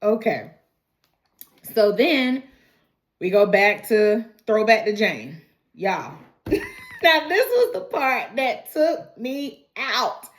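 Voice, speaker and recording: A woman talks through a TV episode in a casual recap, her voice pitched fairly high and swinging all over the place. She laughs a lot between lines, curses freely and keeps the energy up the whole way. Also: takes it slowly, long pauses. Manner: animated, laughing often, swearing freely. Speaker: TV recap vlogger.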